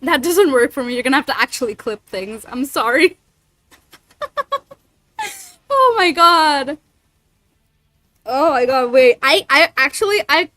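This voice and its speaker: A woman's voice: fairly high pitch, a bit bright, no echo, poor audio. A young woman voice actor chatting casually with viewers on a livestream, giggly, slangy and given to swearing. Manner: giggly, slangy and profane, reacting to chat.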